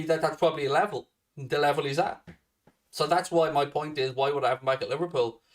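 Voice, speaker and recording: A man's voice: fairly high pitch, recorded from a distance. A man hosting a fan channel, answering viewer questions in a blunt, sweary, casual chat.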